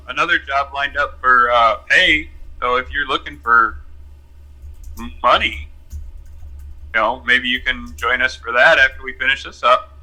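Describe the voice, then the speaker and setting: Bright-toned rambling player. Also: male voice, a little high, rough recording. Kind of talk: tabletop role-play chat.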